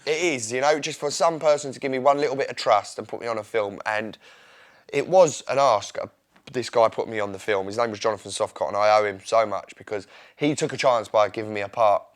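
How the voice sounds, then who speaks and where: A young man with an Essex accent, an interview guest who chats in a rambling, excitable way and laughs often. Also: medium pitch, a little fast. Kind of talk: casual interview chat.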